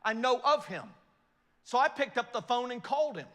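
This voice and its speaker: Lively bright-voiced man telling a story. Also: extremely high pitch, normal speed, long reverb tail. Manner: animated storyteller, asks the audience questions. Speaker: investment speaker. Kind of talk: motivational talk to an audience.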